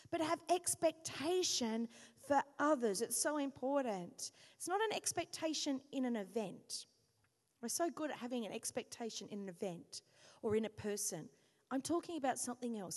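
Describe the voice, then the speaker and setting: A woman senior pastor preaching a sermon, an animated, self-mocking storyteller. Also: fairly high pitch, moderate pace. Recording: reverberant church hall.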